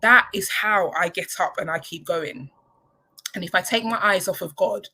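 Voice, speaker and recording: A woman, a charity leader, giving a candid, reflective personal talk with frequent pauses and ums. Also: medium pitch, expressive, bright, forceful tone, husky, poor audio. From United Kingdom. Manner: candid and reflective, many ums, emotional at times. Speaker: charity chief executive.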